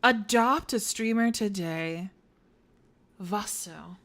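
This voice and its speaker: Slow-talking woman streamer thinking aloud. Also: medium pitch, fairly bright tone. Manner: thinks aloud, swears freely; playful, jokes between puzzles. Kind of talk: let's play commentary.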